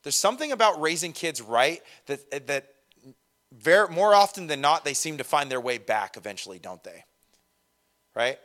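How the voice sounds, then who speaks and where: A middle-aged man preaching a sermon to a congregation in a conversational, lively way, with self-deprecating asides about parenting. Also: on the high side, moderate pace. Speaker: pastor.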